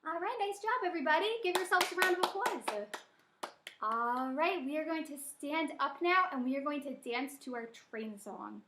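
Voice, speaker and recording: A woman's voice: high voice, lively intonation, moderate pace, background noise. A woman leading a children's song and movement class, giving cheerful step-by-step instructions. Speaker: children's program leader. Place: library program room. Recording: roomy echo with music.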